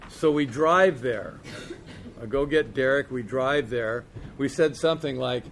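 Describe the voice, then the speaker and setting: A man's voice: medium pitch, unhurried, vocal fry, fairly bright tone, a little hiss or hum. A middle-aged man sharing a recovery story in a candid, rambling way, with lots of "man" and "you know". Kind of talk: storytelling talk.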